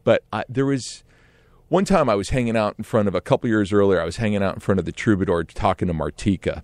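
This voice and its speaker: Man, lower pitch, middle-aged, casual storytelling, lively, laughs a lot. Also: fast, no room sound. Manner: animated, laughs often, acts out quoted voices.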